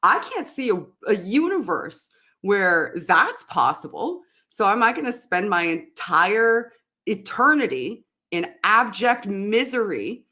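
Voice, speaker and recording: A bright, clear-toned woman with an Atlantic Canadian accent co-hosts a call-in show. She talks in a lively, casual way and laughs often, calling the caller "bud". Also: medium pitch. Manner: animated, laughs easily, calls people bud.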